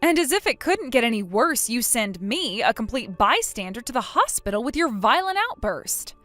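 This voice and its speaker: A woman's voice: fairly high pitch, sing-song, moderate pace, a bit bright, faint music behind. A woman voicing a stern, cold young woman who scolds and refuses to forgive in a scripted drama.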